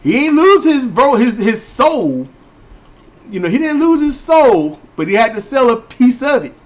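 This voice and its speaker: Emphatic man ranting on a podcast. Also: a little slow. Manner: emphatic, storytelling, lively pitch swings. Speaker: podcast co-host. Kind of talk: casual ranting commentary.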